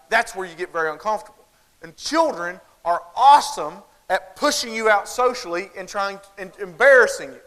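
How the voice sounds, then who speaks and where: A man with a Southern accent giving a humorous keynote at a conference, telling stories and acting out voices of parents and children. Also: sits high. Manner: animated storytelling, acting out voices of parents and kids. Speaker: keynote speaker. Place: large conference hall. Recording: hall reverb from a large venue. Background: audience laughter.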